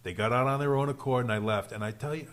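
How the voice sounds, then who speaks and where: Laughing radio host telling a story. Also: male voice, medium pitch, quick pace, a bit bright. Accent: Rhode Island. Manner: rambling storyteller, laughs often. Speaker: radio show host and rideshare driver. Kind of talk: casual studio chat, telling an anecdote. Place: radio studio.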